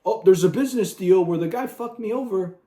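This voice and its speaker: A whiny, pampered bounty hunter, as a man mocks him in a squeaky, sarcastic voice that climbs well above his own. The voice rings in a roomy, echoey space. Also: brisk, mellow, natural voice. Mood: mocking. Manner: high, sarcastic, mocking. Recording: roomy echo.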